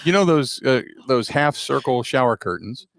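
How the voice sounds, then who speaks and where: Gravelly middle-aged male radio host. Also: mid-range voice, normal speed, no room sound. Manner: animated, self-deprecating comic storyteller. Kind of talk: casual storytelling chat.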